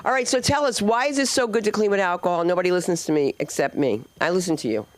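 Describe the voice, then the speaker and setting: A woman's voice: on the low side, fast talker, no echo. A woman from New Jersey hosting a comedy club open mic, talking to the crowd in a brash, rambling, jokey way. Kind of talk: live stand-up hosting, chatting with the crowd.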